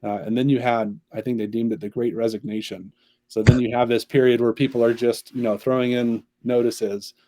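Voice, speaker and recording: A man's voice: medium pitch, flat delivery, fairly quick, mellow, no echo. A man, a company chief executive, answering interview questions at length in an upbeat way. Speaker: agency CEO, podcast guest.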